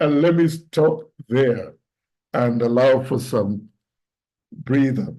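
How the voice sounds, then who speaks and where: A man giving an instructive talk on public speaking, explaining points deliberately and acting out example lines to show tone. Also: animated, mellow. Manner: deliberate, demonstrates pitch and tone examples aloud.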